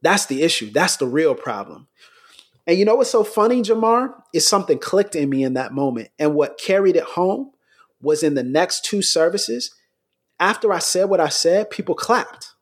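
A middle-aged American man, a pastor, telling stories in a relaxed podcast conversation, laughing between points. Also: sits high, moderate pace.

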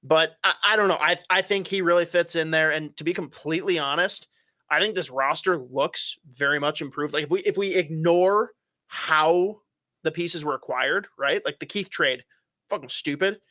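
A man's voice: on the high side, normal speed, bright, forceful tone, dry recording, studio quality. A young man co-hosting a casual hockey chat, opinionated and swearing casually with frequent fillers. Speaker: hockey podcast co-host.

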